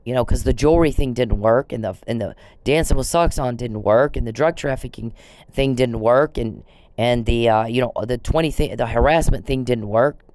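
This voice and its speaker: A woman's voice: extremely low pitch, normal speed, a little mellow, no echo. A woman vlogging in a rambling, indignant to-camera rant, swearing freely.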